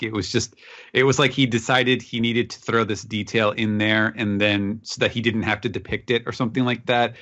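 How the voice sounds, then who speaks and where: Low voiced podcast guy thinking out loud, dull lo-fi sound. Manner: musing, thinking aloud. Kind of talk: casual chat.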